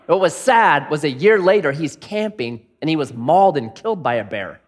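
A middle-aged man preaches with a high-pitched voice that rises and falls in animated swings. He tells stories and acts out the people in them. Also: normal speed. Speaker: pastor. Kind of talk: sermon with storytelling.

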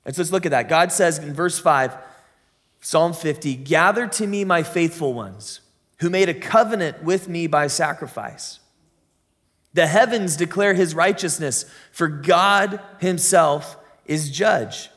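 A man with a fairly high voice preaches a sermon, moving between casual explanation and reading scripture aloud. His delivery is animated. The voice rings with the long reverb of a large hall. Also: a little slow. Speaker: pastor.

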